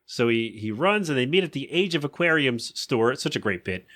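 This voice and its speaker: Man host, casual recap, bright forceful voice, does silly character voices. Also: medium pitch, lively intonation, a little fast. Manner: chatty, acts out quoted lines in funny voices. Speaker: podcast host.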